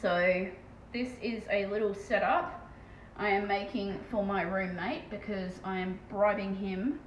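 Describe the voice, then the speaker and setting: Fast-talking Australian woman, echoey room. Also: mid-range voice, steady tone. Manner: very fast, chatty, swears casually. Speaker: live streamer and terrain painter. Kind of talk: casual live-stream chat. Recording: echoey room with faint background noise.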